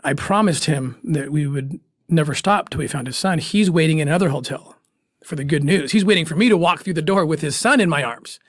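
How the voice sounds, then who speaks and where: A man's voice: fairly high pitch, a little fast, no room sound, clean studio sound. Earnest man telling an emotional story. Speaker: interview guest. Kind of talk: emotional first-person storytelling.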